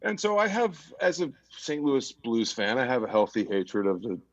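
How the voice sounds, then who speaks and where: A man's voice: mid-range voice, sing-song, moderate pace, no echo, lo-fi sound. A man hosting a live-stream chat, asking rambling, friendly questions. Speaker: host. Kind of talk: casual chat.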